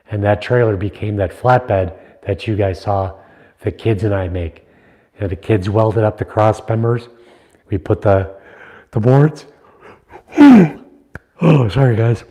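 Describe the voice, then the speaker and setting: A man's voice: fairly low pitch, dark tone. A middle-aged man chatting casually and rambling with viewers on a livestream, teasing them. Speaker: livestream host, knife maker. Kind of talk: casual live chat with viewers.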